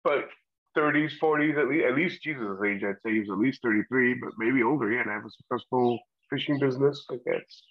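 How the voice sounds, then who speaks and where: A man's voice: mid-range voice, a little fast. Laid-back man leading Bible chat. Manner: relaxed, rambling, with frequent fillers and laughs. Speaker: podcast co-host leading a Bible discussion. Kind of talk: casual Bible study chat. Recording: slightly muffled lo-fi audio.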